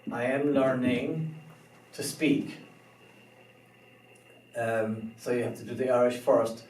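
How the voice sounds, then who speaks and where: A man teaching a beginner language lesson, slow and careful, spelling out words letter by letter. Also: mid-range voice, fairly even intonation, darkish tone. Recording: roomy echo, somewhat far from the mic.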